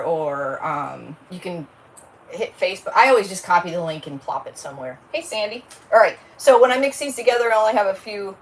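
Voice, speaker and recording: A woman's voice: on the low side, rough recording. A woman, hosting a casual crafting livestream, chatty and rambling as she greets viewers by name.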